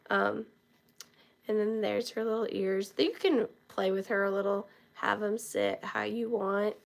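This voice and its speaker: Gravelly woman hosting a live sale. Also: a little high. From southern United States. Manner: chatty, affectionate, thanks viewers by name. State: feeling unwell. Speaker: live-stream auction host. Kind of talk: casual live-stream selling chat. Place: home workspace.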